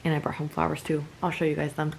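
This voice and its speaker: A young woman chatting casually for her vlog at home, breaking into high baby talk at times. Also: monotone, fast talker, creaky, slight background noise, low-quality recording. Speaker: vlogger. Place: home bedroom, indoors.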